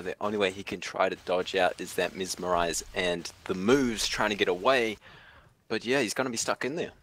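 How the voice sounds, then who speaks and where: A man's voice: fairly low pitch, a bit bright. A young man with an American accent co-casting an esports match with easygoing, laughing banter. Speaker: esports co-caster. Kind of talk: esports commentary.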